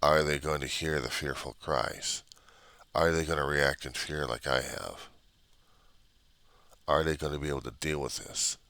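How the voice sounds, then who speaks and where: A man's voice: very deep voice, steady tone, a little slow, gravelly, pauses often, bright, forceful tone, no room sound. A man delivering an agitated, repetitive monologue in his apartment, full of rhetorical questions. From United States. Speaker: vlogger. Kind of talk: ranting monologue.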